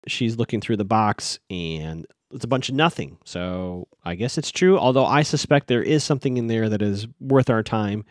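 A man's voice: fairly low pitch, normal speed, hardly any pauses, dry recording, clean studio sound. A man hosting a podcast, casually recapping a TV episode, thinking aloud with plenty of fillers and restarts.

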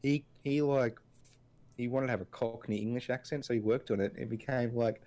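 A man's voice: medium pitch, steady tone, a little fast, mellow. A man co-hosting a casual podcast, rambling through his points with lots of filler words and restarts. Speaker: podcast co-host. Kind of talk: casual chat.

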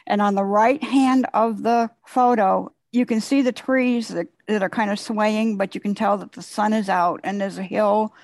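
A woman's voice: medium pitch, no echo. A woman speaking as the guest poet on a conference call, patiently explaining with repeated phrases.

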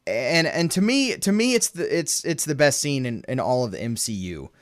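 A man's voice: medium pitch, very animated, moderate pace. A man co-hosting a podcast, chatting casually about favorite movie scenes, laughing often and acting out lines. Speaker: podcast co-host.

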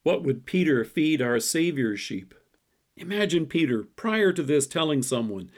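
A man delivering a scripted devotional message and reading scripture in a measured, deliberate way. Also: fairly high pitch, very animated. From city-raised. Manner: measured, reads scripture quotes slowly. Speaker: devotion speaker.

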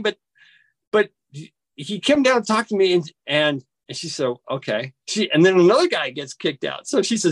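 A man telling a personal story as an interview guest, acting out quoted dialogue with big jumps in pitch and often restarting his sentences. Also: sing-song, no room sound. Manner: halting, with frequent restarts.

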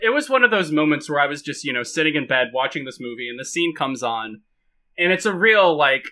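A man co-hosting a podcast, telling stories in an animated, rambling, casual way. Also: a little high, a little fast. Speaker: podcast co-host. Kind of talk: casual chat.

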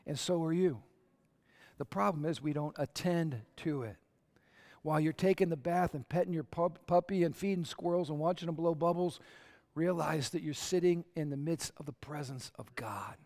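A man preaching a sermon, conversational and animated, acting out quotes and asking the crowd questions. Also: fairly high pitch, normal speed. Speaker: pastor.

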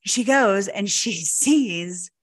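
A woman's voice: medium pitch, drawn-out words. A woman co-hosting a podcast, telling a ghost story in casual chat with lots of "like" and acted-out quotes. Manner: animated, lots of "like", acts out quotes. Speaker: podcast co-host.

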